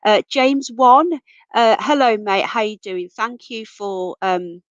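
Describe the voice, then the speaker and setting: A woman's voice: on the high side, slow, no room sound, muffled recording. A woman hosting a casual livestream, reading out viewer comments and greeting everyone as darling and sweetheart, while her voice is going from a cold. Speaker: livestream host. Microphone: computer mic, off camera.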